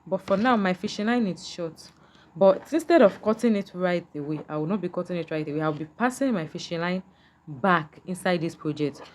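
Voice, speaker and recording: Low-voiced woman teaching a beading craft. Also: darkish tone. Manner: patient, repetitive, checks in with "can you see?". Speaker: beading tutor. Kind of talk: step-by-step craft tutorial.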